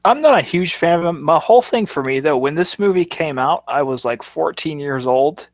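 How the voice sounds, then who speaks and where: A man's voice: on the high side, lively intonation, normal speed, dry recording. Reflective man in his thirties. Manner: reflective, rambling. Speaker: guest. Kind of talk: casual chat.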